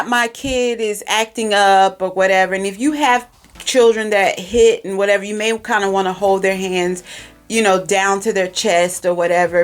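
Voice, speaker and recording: A woman hosting a podcast, giving casual, direct parenting advice and repeating herself for emphasis. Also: mid-range voice. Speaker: podcast host. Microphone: recorded for podcast and video, facing camera.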